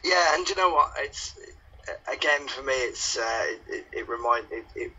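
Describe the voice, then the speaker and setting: A man's voice: mid-range voice, animated, moderate pace, sharp tone, husky. A man co-hosting a radio music show, giving a rambling casual review that stops and restarts mid-thought. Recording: muffled lo-fi radio recording.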